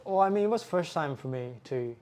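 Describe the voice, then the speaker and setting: A man's voice: on the high side, animated, brisk, darkish tone. Japanese-speaking man as agreeable co-host. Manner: short agreeing replies, hesitant. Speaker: podcast co-host. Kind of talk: casual chat.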